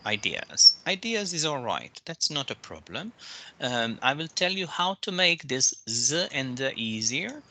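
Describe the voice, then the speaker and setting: A man's voice: medium pitch, very animated, a little slow, bright, forceful tone, low-quality recording. A man teaching pronunciation in an online one-to-one English lesson, explaining patiently step by step over a video call. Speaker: English tutor.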